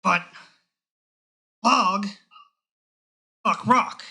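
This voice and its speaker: A man's voice: high-pitched, drawn-out words, vocal fry, bright, forceful tone, husky, voice pushed up, full character voice. A man voicing a dim-witted male orc who talks in broken grammar and speaks of himself by name. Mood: blunt.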